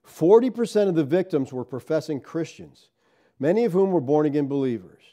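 Preaching to his congregation, a pastor delivers an animated sermon full of rhetorical questions. He swings between loud, emphatic lines and quiet asides, speaking a little fast.

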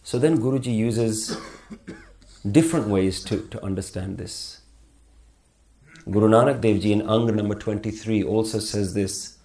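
A man's voice: on the low side, a little slow, warm tone. A man teaching a spiritual workshop on stage. He speaks emphatically and keeps putting rhetorical questions to the audience.

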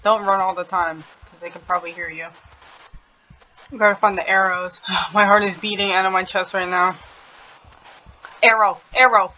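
A woman's voice: lowish voice, level tone, moderate pace, muffled recording, slight background noise. Panicky young woman gaming in horror. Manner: panicky, gasping, swearing, shouting warnings. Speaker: gamer. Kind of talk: frantic horror game commentary.

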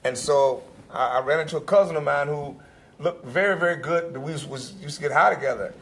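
Gravelly older man telling a story. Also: a little high, a little fast, slight background noise. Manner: animated storyteller, acts out quoted dialogue. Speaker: panelist. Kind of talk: personal story at a panel.

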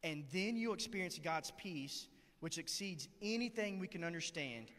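A man preaching to a congregation, in a conversational, earnest storytelling manner. His voice sits a bit on the high side. A long reverb trails each phrase, as in a large church. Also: expressive, moderate pace, fairly bright tone. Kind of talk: sermon. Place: church sanctuary.

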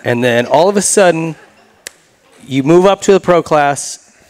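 A man's voice: fairly high pitch, animated, unhurried, a little mellow, smooth, long reverb tail. A man hosting a podcast, chatting casually with a teasing, joking manner and frequent laughs. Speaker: podcast host. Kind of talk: casual interview chat.

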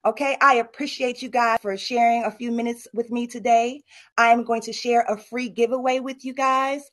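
A woman's voice: a little high, steady tone, moderate pace. A middle-aged woman giving a motivational talk at an online summit and coaching her audience directly. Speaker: speaker.

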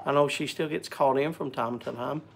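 A man's voice: medium pitch, brisk, creaky, a little hiss or hum. A man hosting a casual live stream, joking and chatting, greeting viewers by name, often repeating and stumbling over words.

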